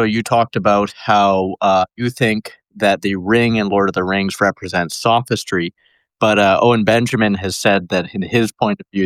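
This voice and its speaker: Male caller, lowish voice, dry sound, halting and full of fillers. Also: fairly bright tone, no echo. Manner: hesitant, many ums and uhs. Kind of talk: call-in conversation.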